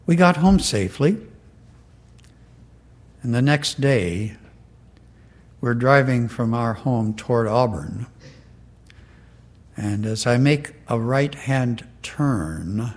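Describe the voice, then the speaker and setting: An older man tells a story in a slow, earnest, measured voice. His pitch sits in the middle, and he takes his time over every line. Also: lively intonation. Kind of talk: reading a letter aloud, then personal anecdote.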